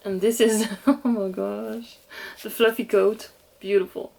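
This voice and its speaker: A woman's voice: medium pitch, steady tone, measured pace, creaky, a little mellow. A young woman with a French accent, chatting casually and gushing as she unboxes dolls for her viewers. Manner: gushing, giggly, talks to viewers. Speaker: doll collector vlogger.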